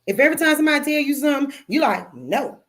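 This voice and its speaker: A woman's voice: high voice, lively intonation, very fast. A woman hosting a spiritual talk show, speaking emphatically and a little preachily, with playful cursing and calling listeners "baby".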